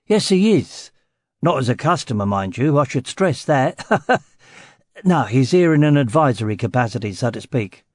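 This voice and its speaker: A man's voice: medium pitch, very animated, moderate pace, darkish tone, no room sound, studio quality. A man voicing a chatty ex-military gate guard with a Cockney accent. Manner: chatty, blustering.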